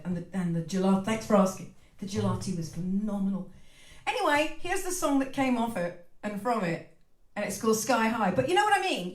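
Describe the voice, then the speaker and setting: A woman singer-songwriter telling a lively, profane, self-mocking story between songs. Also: a little high, echoey room.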